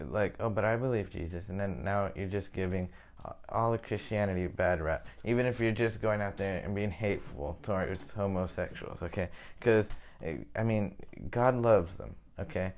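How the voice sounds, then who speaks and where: A man's voice: low voice, darkish tone. A young man giving an informal, rambling Bible lesson, often checking in with "okay?". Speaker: Bible study teacher.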